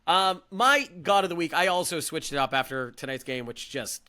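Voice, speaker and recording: A man co-hosting a casual sports podcast, rambling with restarts and fillers in an animated way. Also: fairly high pitch, moderate pace. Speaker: podcast co-host.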